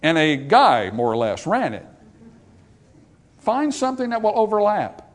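A man's voice: high-pitched, huge pitch swings, measured pace. An older man preaching a sermon as pastor, emphatic and repetitive, driving points home with rhetorical questions.

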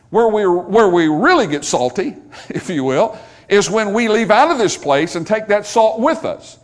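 A middle-aged male pastor delivering a sermon in a high, lively voice that rises and falls constantly. He mixes folksy jokes aimed at the congregation with loud, emphatic declarations, then drops back to quiet asides. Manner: swings from soft asides to loud emphatic points.

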